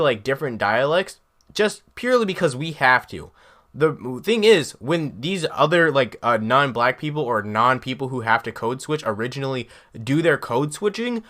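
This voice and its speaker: A man's voice: mid-range voice, sing-song, moderate pace, pushed and bright. A man co-hosting a casual podcast chat, emphatic and profane as he makes his point. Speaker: podcast co-host.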